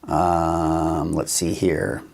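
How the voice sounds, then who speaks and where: A man's voice: extremely low pitch, little pitch movement, drawn-out words, vocal fry, darkish tone. A man hosting a weather forecast show, with a conversational style and some fillers and self-corrections. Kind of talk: casual weather forecast talk.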